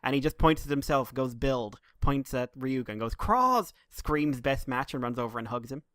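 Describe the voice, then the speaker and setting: A man's voice: mid-range voice, fairly even intonation, a little fast, dry recording, clean studio sound. A man co-hosting a podcast, rambling and laughing as he chats, with many restarts. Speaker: podcast co-host. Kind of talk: casual chat.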